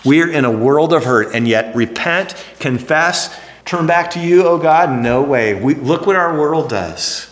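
Male pastor preaching, kinda high voice, emphatic, echo of a big hall. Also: unhurried. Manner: emphatic, swings from hushed drops to animated exclamations. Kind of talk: sermon. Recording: echoey hall.

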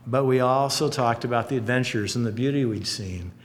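A man preaching a sermon, telling stories earnestly with lively swings in pitch and loudness. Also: a little fast. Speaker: pastor. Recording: long hall reverb, faint hum.

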